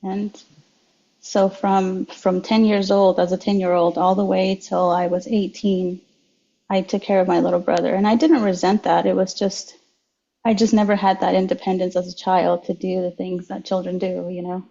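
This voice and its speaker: A young adult woman shares her life story as an interview guest, moving slowly and reflectively and often restarting her sentences. Her voice is mellow and stays fairly level in pitch. The recording sounds slightly dull and lo-fi. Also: level tone, gravelly. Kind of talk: personal testimony in an interview.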